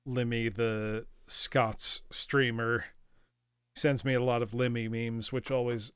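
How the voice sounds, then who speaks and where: A man's voice: medium pitch, level tone, slow, fairly bright tone, clear, resonant tone, dry recording, clean studio sound. A man streaming a retro game live, chatting playfully with his viewers and laughing often. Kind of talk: live gaming commentary.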